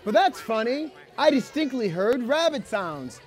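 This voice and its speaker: Reading a picture book to kids outdoors, this man speaks a little slowly in a very high voice with big pitch swings. His lively read-aloud is playful and full of questions called out to the young crowd, while some chatter goes on behind him.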